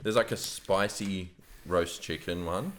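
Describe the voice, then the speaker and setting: This podcast co-host has a low-sitting, fairly bright voice and a measured pace. He chats casually, joking and swearing freely.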